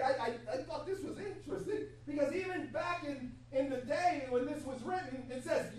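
A woman preaching a sermon in an animated, laughing way. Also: high-pitched, a little fast, few pauses. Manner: animated, laughing, acts out God's voice. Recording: echoey hall from far off, faint hum.

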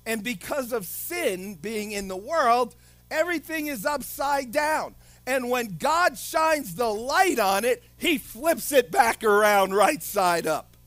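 Male preacher, slow, impassioned sermon, swings up to shouting, very high and lively voice. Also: no echo. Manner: impassioned, rising to shouts, dramatic.

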